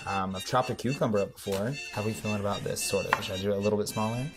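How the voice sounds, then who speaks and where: A man's voice: fairly low pitch, fairly even intonation, very fast, over loud music. A tipsy man chatting casually as a guest cook, easygoing and self-deprecating. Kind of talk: casual chat.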